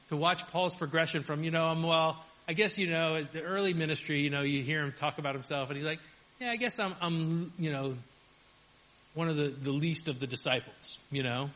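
A man's voice: on the high side, sharp tone, poor audio. A man preaching a conversational sermon, chuckling often and acting out quoted voices. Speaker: pastor.

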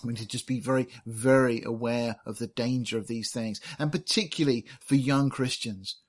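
A man's voice: medium pitch, steady tone, moderate pace. A middle-aged man preaching a teaching sermon, reading scripture aloud with emphasis. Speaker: pastor.

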